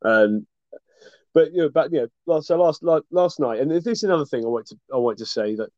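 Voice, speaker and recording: A man's voice: a little high, lively intonation, fairly quick, darkish tone, dry recording. A man co-hosting a casual sports chat, talking with passion and swearing freely. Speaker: podcast co-host. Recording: dull lo-fi dry recording.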